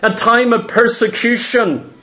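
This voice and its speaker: High-voiced preacher, fervent. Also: male voice, a little slow, bright, forceful tone. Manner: fervent, emphatic, repeats for stress. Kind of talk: sermon.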